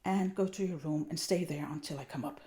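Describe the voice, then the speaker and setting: A woman's voice: sits low, brisk, mellow, natural voice. Woman voicing a stern, firm spinster. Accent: Danish. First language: Danish. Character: stern but fair middle-aged spinster. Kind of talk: whispered role-play.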